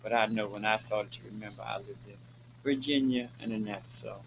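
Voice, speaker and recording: A man's voice: lowish voice, fairly even intonation, fast talker, vocal fry, slight background noise, low-quality recording. A man from Maryland hosting his own show, talking casually to his viewers in a sassy, flamboyant way, calling them honey and girl and swearing freely. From Maryland, USA. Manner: preachy and emphatic, repeating lines for effect. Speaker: host. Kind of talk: casual talking-head monologue.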